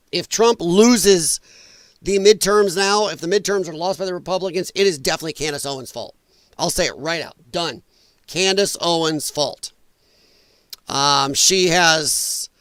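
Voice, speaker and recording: A man hosting a casual reaction livestream, his voice strained and damaged from breathing trouble, blunt and opinionated and quick to swear. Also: sits high, fairly bright tone, no echo. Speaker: livestream host.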